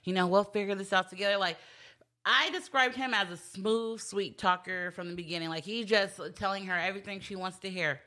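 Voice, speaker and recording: A woman with a bright, forceful voice chats casually. She recaps a show's scenes, quoting what the characters said. Her pitch sits in the middle. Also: brisk. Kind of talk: casual chat recapping a show.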